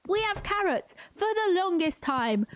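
Giggly high-voiced woman streamer. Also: measured pace. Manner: giggly, excitable, chatty. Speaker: game streamer. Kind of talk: live gameplay commentary.

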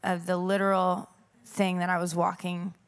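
A woman's voice: fairly low pitch, monotone, normal speed. A woman worship leader speaking earnestly about the Holy Spirit, reflective and searching for words.

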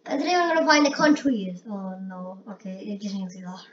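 A woman giving casual gameplay commentary, excitable and prone to loud exclamations. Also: mid-range voice, brisk. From India. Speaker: gamer. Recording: muffled lo-fi recording with faint hiss.

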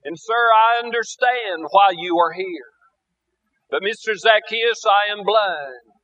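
A man's voice: high-pitched, slow pace, bright, forceful tone, heavily acted. A preacher voicing a humble, desperate blind old man who pleads for mercy, on a dull lo-fi recording. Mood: pleading.

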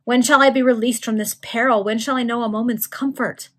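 A woman's voice: a little high, steady tone, brisk, a bit bright. A woman reading aloud, voicing an anxious, frightened male stockbroker who pleads and protests. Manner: pleading, agitated.

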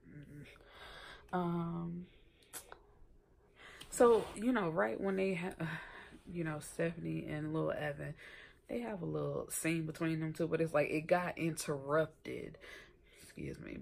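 A woman with a low voice and gravelly fry chats through a TV episode recap. She is sassy and conversational, and she jumps up in pitch to act out the characters' lines. Faint noise sits behind her. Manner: chatty, sassy, acts out quotes in higher voices. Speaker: TV episode reviewer.

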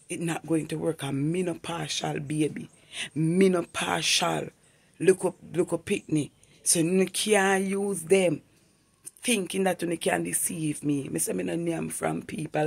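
Man, testimony vlog, earnest and repetitive, husky and a bit high. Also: steady tone, unhurried. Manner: earnest, repetitive storytelling in creole-inflected English. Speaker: vlogger. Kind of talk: personal testimony.

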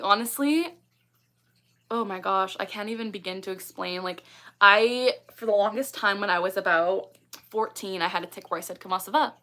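Bright-voiced young woman chatting on a livestream. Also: mid-range voice. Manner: chatty, many ums and likes, laughs often. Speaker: livestream host. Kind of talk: casual livestream chat reading comments.

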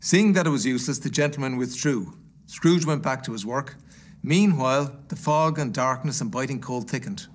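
Man reading a classic aloud. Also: mid-range voice. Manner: warm, measured storytelling. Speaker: guest reader. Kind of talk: storybook read-aloud.

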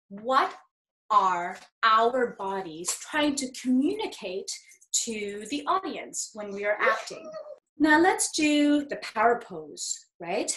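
A young woman leads a children's acting workshop in an upbeat, encouraging way. Her voice sits fairly high, and she speaks slowly and clearly. The room adds a lot of echo. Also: fairly bright tone. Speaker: acting teacher. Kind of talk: drama workshop for kids. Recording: echoey home room.

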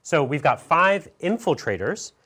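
A man playing a tabletop wargame, talking through his moves casually and haltingly, with many pauses and fillers. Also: a little high, very animated, sharp tone, breathy edge. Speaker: wargame player. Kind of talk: casual tabletop battle report chat.

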